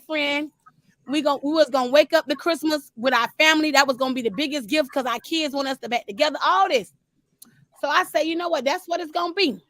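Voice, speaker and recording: A high-pitched woman tells her own story as a casual testimony, animated and repeatedly calling out to her listeners. The recording is dry and close with no echo and little sense of room.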